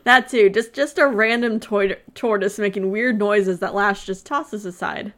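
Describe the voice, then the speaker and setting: A woman's voice: mid-range voice, measured pace, a bit bright. A woman co-hosting a podcast, retelling a movie plot in casual chat with sarcasm and frequent laughter. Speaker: podcast co-host.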